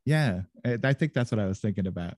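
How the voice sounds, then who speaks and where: An easygoing man chats as a podcast guest, laughing often. His voice is low and mellow, recorded close in a dry room. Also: expressive, fast, no room sound. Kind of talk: casual podcast chat.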